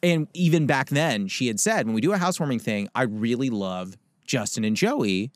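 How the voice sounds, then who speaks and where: A man chatting casually as a podcast guest, telling animated stories and acting out quotes with big jumps in his voice. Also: mid-range voice, normal speed, no echo. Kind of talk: casual chat. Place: podcast studio.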